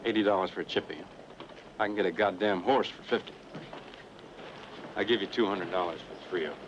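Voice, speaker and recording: A man's voice: sits low, fairly quick, close to an everyday voice. A man playing a cursing frontier haggler. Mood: angry haggling. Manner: cursing, blustering. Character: foul-mouthed frontier man haggling for women. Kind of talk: 1970s western film dialogue. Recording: dull old film audio with hiss.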